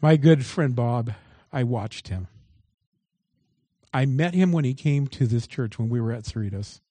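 A male pastor delivers a sermon in a dark, mellow voice. He reads verses aloud and then comments on them, raising and dropping his emphasis. The sound is dry and close. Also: medium pitch, animated, unhurried, dry recording.

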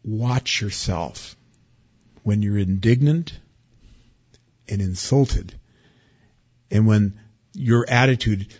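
A man preaching a sermon with lively swings from loud excitement to quiet warning. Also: fairly low pitch, slow, pauses often, husky, dull audio. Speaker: pastor.

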